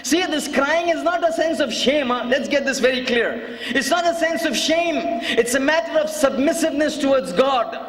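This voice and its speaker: Very high-pitched fervent male preacher. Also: moderate pace, few pauses. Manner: fervent, often shouting, with Arabic quotations. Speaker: religious lecturer. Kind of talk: impassioned mourning sermon. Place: large lecture hall at a religious gathering. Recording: echoey hall with long reverb, faint hiss.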